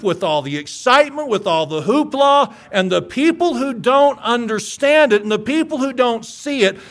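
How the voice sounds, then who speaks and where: Man preaching, high-pitched voice, earnest and conversational, building to emphatic peaks. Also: a bit bright. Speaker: pastor. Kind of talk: sermon.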